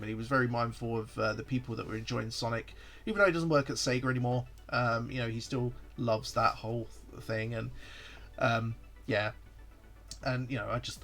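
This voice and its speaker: A man's voice: medium pitch, a bit bright. A man hosting a livestream, telling a story in a casual, rambling way with lots of fillers and restarts. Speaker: site founder hosting a livestream.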